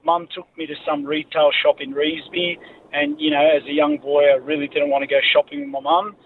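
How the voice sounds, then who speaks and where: Caller: Australian man, phone-line sound, higher voice, earnest and halting. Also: vocal fry, a little hiss or hum. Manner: earnest storytelling with hesitations. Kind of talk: radio call-in story.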